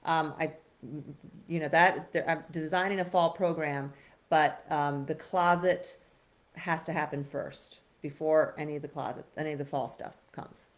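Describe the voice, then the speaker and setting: A woman's voice: low voice, steady tone, normal speed. A middle-aged woman hosting a casual live stream, giving chatty, frank advice with many restarts. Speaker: host.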